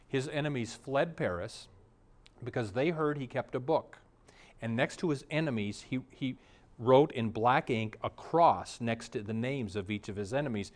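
A middle-aged male pastor preaching a sermon, telling stories and briefly acting out the voices of the people in them. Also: medium pitch. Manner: storytelling preacher, acts out quoted voices.

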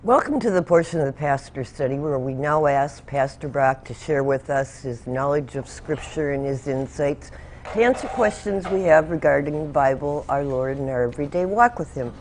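A woman's voice: deep voice, normal speed, a little mellow, slight background noise. A woman co-hosting a Bible teaching show, reading out a viewer question to the pastor. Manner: reads questions from a script. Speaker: co-host.

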